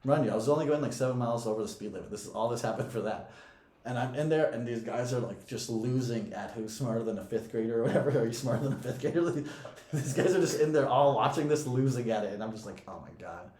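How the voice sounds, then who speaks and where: A man's voice: medium pitch, fast talker, darkish tone. A young man and podcast co-host casually telling a story, profane and often laughing. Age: young adult. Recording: echoey room.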